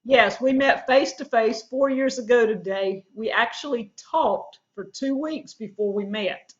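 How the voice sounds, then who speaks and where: A woman's voice: a little high, a little slow, lo-fi sound. A woman, co-hosting a livestream, chatty and giggly as she greets viewers. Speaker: homestead channel co-host. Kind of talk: casual livestream chat.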